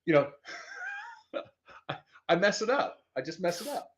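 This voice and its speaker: A man's voice: high voice, big pitch swings, measured pace. A man co-hosting a casual chat show with viewers, joking about himself with lots of stammered restarts. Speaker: co-host of a slots show. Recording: slightly dull lo-fi sound.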